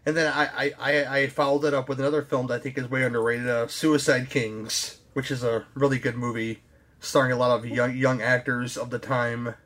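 A man's voice: mid-range voice, flat delivery, fairly quick, fairly bright tone. A man co-hosting a podcast in casual chat, rambling and often repeating his first words. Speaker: podcast co-host.

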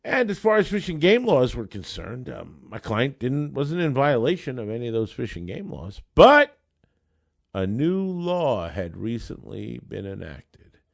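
A man who is a lawyer telling a case story in an animated, conversational way, acting out the dialogue. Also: medium pitch, measured pace, gravelly. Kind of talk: storytelling monologue.

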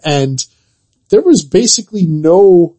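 A man's voice: sits high, sing-song, slow, warm tone. A man co-hosting a podcast, chatting casually about games and movies in a loose, rambling way full of filler words. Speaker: podcast co-host.

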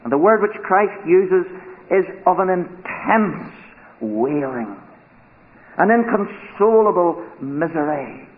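A high-voiced man preaches slowly and solemnly, pressing each phrase and dropping to a near hush to drive it home. The sound is thin and tinny, like an old sermon tape. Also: animated. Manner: slow, solemn, emphatic delivery with dramatic drops to a hush. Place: church.

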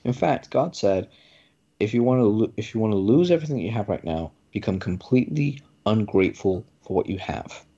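Easygoing prophet played by a man, deep and dark. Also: expressive, brisk, slightly rough, dull audio. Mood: matter-of-fact. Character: calm patient prophet messenger, older man.

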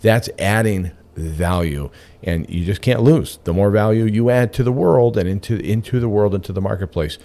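Deep-voiced male radio host. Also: normal speed, warm tone. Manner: chatty, candid, enthusiastic. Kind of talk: casual radio talk.

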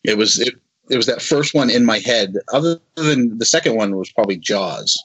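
A man's voice: mid-range voice, animated, normal speed, a bit bright, husky, dry recording, poor audio. A man in his forties chatting as a podcast guest, rambling with lots of restarts and playful little voice bits. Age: 40s. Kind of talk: casual podcast chat.

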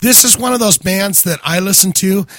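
A man co-hosting a podcast, chatting in a relaxed, jokey way with casual swearing. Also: high voice, moderate pace, no echo. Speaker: podcast co-host. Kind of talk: casual chat.

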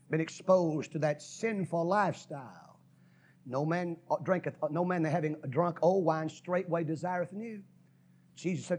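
A man preaching a sermon, folksy and dramatic, swinging from shouts to whispers and stretching out key words. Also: on the high side. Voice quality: husky. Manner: preaching with sudden shouts and drops to a whisper, folksy, drawn-out stresses. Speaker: pastor.

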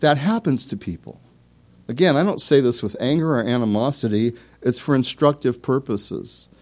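Male pastor, sermon, conversational, direct questions to listeners, wry asides, mid-pitched voice. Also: expressive, normal speed, a little mellow. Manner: conversational, with asides and self-deprecating laughs.

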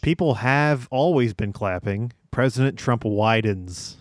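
A man's voice: mid-range voice, animated, unhurried, no echo, studio quality. A man co-hosting a comedy podcast, chatting casually and narrating a script with a laid-back, chuckling delivery.

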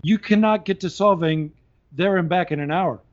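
A curt, skeptical older boss with a French accent , quoted by a man telling a story. His voice sits a bit high and is clipped and flat. The audio is slightly muffled and lo-fi. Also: normal speed, lightly acted.

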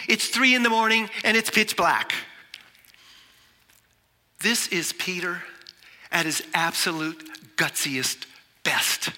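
A man preaching a sermon with dramatic delivery, shifting between loud and soft. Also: sits high, in a large hall. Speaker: pastor.

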